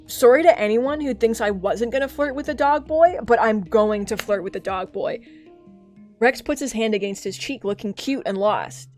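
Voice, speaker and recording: A woman streamer reading a story game aloud, excitable and gushing, with casual swearing. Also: mid-range voice, normal speed, soft background music.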